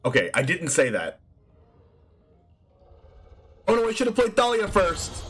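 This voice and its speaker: High voiced excitable guy yelling over his card game, voice jumps all over, faint music behind. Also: unhurried, pauses often, slightly rough. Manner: excitable, shouting and laughing at plays. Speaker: game streamer. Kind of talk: live gameplay reaction commentary.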